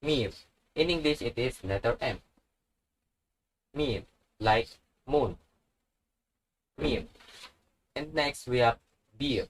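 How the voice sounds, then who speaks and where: A man speaking at an unhurried, very slow pace as he walks through letter sounds one by one. His pitch sits in a middle range, and he repeats each sound patiently with example words. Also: very animated, rough recording. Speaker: language teacher. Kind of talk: slow instructional tutorial.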